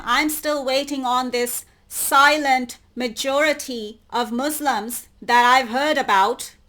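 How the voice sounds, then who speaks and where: Slow talking woman on her channel reading stuff off web pages, bit high voice, keeps repeating words to stress them. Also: bright, forceful tone. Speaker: YouTube channel host. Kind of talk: reading and commenting on web articles.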